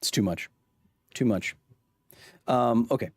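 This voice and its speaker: A man's voice: medium pitch, slow, a little mellow, no room sound. A man hosting a live-streamed podcast, talking wryly to his chat and reading testimony aloud with many restarts. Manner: wry, talks straight to chat, frequent restarts. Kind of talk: casual livestream chat and read-aloud of testimony.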